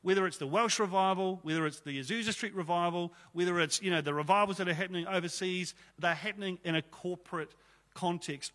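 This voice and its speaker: A man's voice: fairly high pitch, pushed and bright, big-room sound. A man preaching a sermon to his church, conversational and emphatic, with rhetorical questions. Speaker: pastor.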